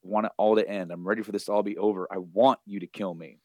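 A man voicing a remorseful grown man, a villain begging to be killed, in a low, quiet retelling. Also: steady tone, fast talker, dry recording, natural voice. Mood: pleading.

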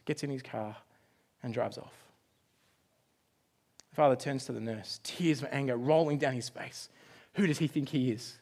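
A male pastor preaching a sermon, telling a story with dramatic swings from loud outbursts to hushed, quiet lines. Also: mid-range voice, moderate pace, vocal fry, long pauses.

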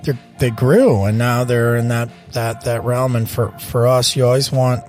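A man's voice: medium pitch, steady tone, moderate pace, a little mellow, soft background music. A man from North Carolina telling stories as an interview guest, rambling and repeating words with "you know" and "man.". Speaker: bar owner, interview guest. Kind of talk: casual storytelling interview.

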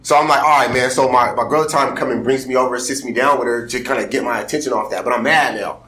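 A man from Seattle, a podcast guest, telling a story in casual talk and often checking that his listeners follow. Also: mid-range voice. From Seattle, USA. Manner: animated, fast, keeps checking in with listeners. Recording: roomy echo.

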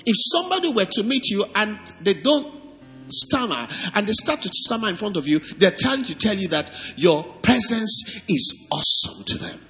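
A man preaching a sermon as pastor, animated and asking the congregation questions. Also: sits high, normal speed, long reverb tail, soft background music.

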